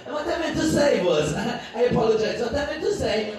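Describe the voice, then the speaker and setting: A man's voice: sits high, sing-song, unhurried. A man performing a stand-up routine, mocking and swearing with punchy rhetorical questions, recorded live in a comedy club. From Britain. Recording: echoey club from far off, crowd noise.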